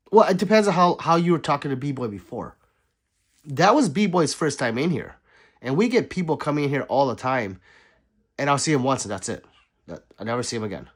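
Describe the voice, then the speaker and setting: A man hosting a livestream, chatting casually and reading out viewer comments, swinging between loud remarks and quiet asides. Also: fairly high pitch. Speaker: livestream host.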